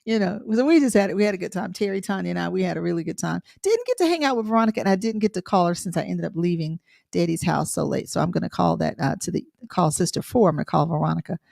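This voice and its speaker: A woman's voice: fairly low pitch, lively intonation, fast talker, gravelly, a little mellow, dry recording, clean studio sound. A middle-aged woman co-hosting a livestream, chatting casually with many fillers and restarts. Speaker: co-host.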